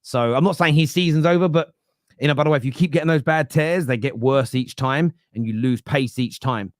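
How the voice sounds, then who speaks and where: A young man talking football live from his room at home, loose and animated, cutting himself off and starting over. His voice sits in the middle range and sounds close and dry, with no room around it. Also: mid-range voice, fairly quick, dry recording. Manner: animated, laughing, self-interrupting. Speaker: football pundit. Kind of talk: live football chat reading viewer comments.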